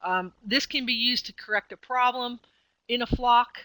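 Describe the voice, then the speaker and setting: A woman's voice: on the high side, moderate pace, bright, forceful tone, dry recording, rough recording. A woman presenting a webinar lecture, explaining things conversationally with frequent fillers and self-corrections. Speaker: extension specialist presenting a webinar.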